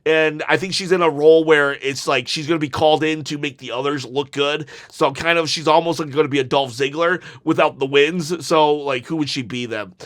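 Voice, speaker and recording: A man's voice: a little high, brisk, hardly any pauses, a bit bright. Rambling man reviewing wrestling. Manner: rambling, exasperated, restarts and sighs. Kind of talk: casual video commentary.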